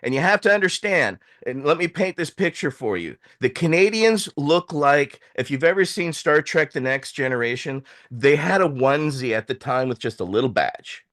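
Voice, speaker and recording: A man hosting a show, telling a long story in a casual, animated way, acting out the voices of people he quotes. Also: fairly high pitch, moderate pace, hardly any pauses. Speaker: host.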